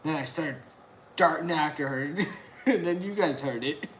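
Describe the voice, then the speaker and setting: Laid-back dude rambling on a home livestream, laughs a ton, drawn-out slow talk. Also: male voice, a little high, heavy background noise. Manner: laughs often, excitable, rambling. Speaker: beer review vlogger. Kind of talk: casual live-stream chat.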